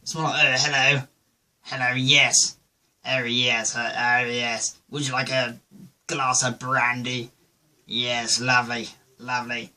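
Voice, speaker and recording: A man voicing a posh English gentleman who is drawling and overly polite. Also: medium pitch, flat delivery, racing, few pauses, close to an everyday voice, low-quality recording. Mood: genteel.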